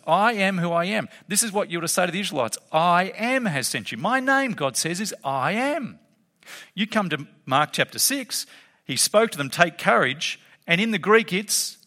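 A man preaching a sermon, animated and emphatic, often laughing. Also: sits high. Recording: long reverb of a hall.

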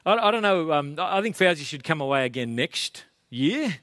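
A man's voice: on the high side, lively intonation, moderate pace, a bit bright, dry recording, studio quality. Casual male pastor preaching. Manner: casual, chatty, self-deprecating. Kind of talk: sermon.

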